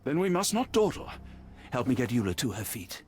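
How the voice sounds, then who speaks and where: An actor voicing Doctor Watson, a steady, practical male physician, in a video game. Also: mid-range voice, slight background noise, natural voice. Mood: calm. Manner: calm, measured and practical.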